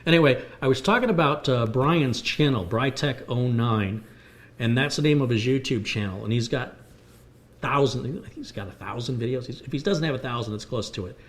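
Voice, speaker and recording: An American host of a live computer repair stream talks briskly at a medium pitch. He uses everyday analogies to explain hardware while answering questions from viewers.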